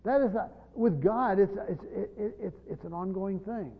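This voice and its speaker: A man's voice: sits high, normal speed, slightly rough. Man teaching scripture in an echoing hall. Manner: emphatic, swinging between loud stresses and quiet asides. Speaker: pastor teaching a Bible study. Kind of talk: expository Bible teaching. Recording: dull lo-fi sound in a large echoing hall.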